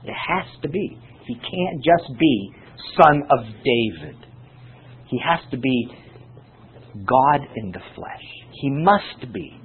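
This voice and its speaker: A man preaching with a very raspy, husky voice that swings widely in pitch, sitting slightly high for a man. He teaches from scripture and keeps tossing rhetorical questions at his listeners. The sound is thin and tinny, like a phone line. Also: takes it slowly. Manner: animated, rhetorical questions to the congregation. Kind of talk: sermon Bible teaching.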